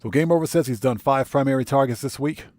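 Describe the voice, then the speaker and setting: Hosting a solo gaming livestream, a man casually reads chat messages and answers them, chuckling often. His voice is medium in pitch and a little mellow, and he talks fast.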